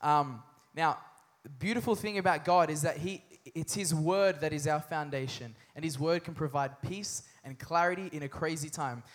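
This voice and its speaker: A man's voice: on the high side, normal speed, hardly any pauses. A young adult man preaching a sermon with energy and humor, often calling for responses from the congregation. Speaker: pastor.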